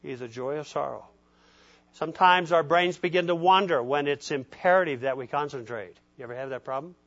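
A man's voice: on the high side, fairly quick, fairly bright tone. A male pastor giving a conversational sermon in a folksy way, often checking in with his listeners. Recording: dull lo-fi recording.

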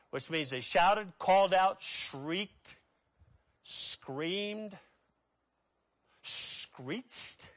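A man with a high-sitting voice preaches a sermon, acting out voices. He swings between loud, dramatic lines and hushed asides.

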